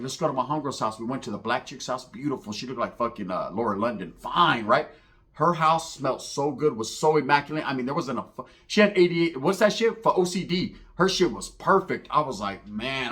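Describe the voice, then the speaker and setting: A man telling a profane comedic street story, acting out the voices of the people in it. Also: medium pitch. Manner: animated, profane, slangy, acts out voices in the story.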